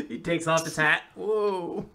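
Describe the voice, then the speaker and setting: A man's voice: high-pitched, brisk, vocal fry, fairly bright tone. A young man co-hosting a manga podcast, chiming in with jokey asides and mock outrage. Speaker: podcast co-host. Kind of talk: casual manga recap chat.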